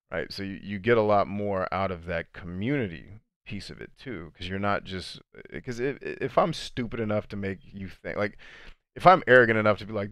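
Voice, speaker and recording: Give me a man with a very low voice, a life coach answering viewer comments on a stream, casual and animated, recorded dry with no room echo. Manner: animated, shifts between fast bursts and slow deliberate cadence; conversational, addresses viewers as friends and dude.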